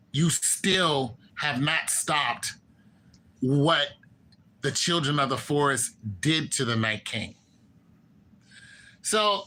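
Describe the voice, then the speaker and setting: A man casually recapping and giving his opinion on a TV finale, animatedly acting out characters' lines. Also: poor audio. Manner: animated, acts out characters' lines with shifts in pitch. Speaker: TV show commentator.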